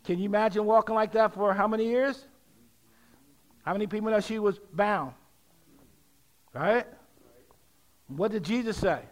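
A middle-aged man preaching a sermon, leading call-and-response and rising to shouts. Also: high voice, moderate pace, pauses often. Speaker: pastor.

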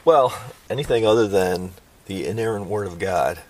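A man's voice: fairly low pitch, moderate pace, poor audio. A man co-hosting a casual Christian podcast, affirming and preacherly in his asides. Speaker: podcast co-host.

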